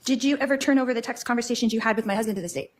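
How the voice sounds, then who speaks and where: A woman with a fairly high voice questions a witness at a quick clip. She is pointed and brisk, pressing each answer with the next question. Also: a little hiss or hum. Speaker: questioner in court. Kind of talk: courtroom cross-examination.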